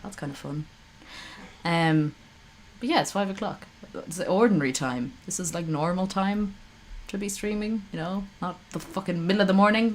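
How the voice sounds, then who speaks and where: A woman's voice: fairly low pitch, normal speed, a little hiss or hum. A woman streaming live, reacting to a call with sarcastic, profane, rambling commentary.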